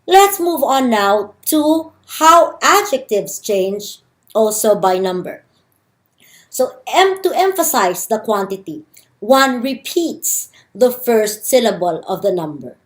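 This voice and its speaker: A woman with a Filipino accent teaching a recorded grammar lecture. Her voice sits a little high, and she spells out each rule patiently, repeating examples and slowing down on key syllables. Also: big pitch swings. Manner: slow, careful explanation with repeated examples. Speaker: language teacher.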